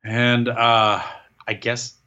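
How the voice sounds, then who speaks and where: A man's voice: mid-range voice, flat delivery, extremely slow, pushed and bright, muffled recording. A man co-hosting a casual wrestling podcast, joking sarcastically and reading listener emails aloud. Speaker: podcast co-host.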